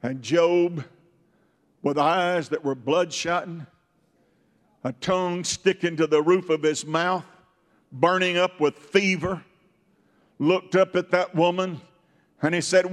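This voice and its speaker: A male preacher delivering a fervent sermon, repeating phrases and building to shouts. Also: high-pitched, fairly even intonation, takes it slowly, long pauses, long reverb tail.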